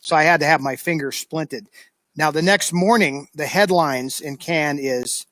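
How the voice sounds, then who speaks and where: An American man hosting a show, telling a story in a casual, animated way. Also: a little high, a little slow. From United States. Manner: animated storyteller, lively re-enactment. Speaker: show host.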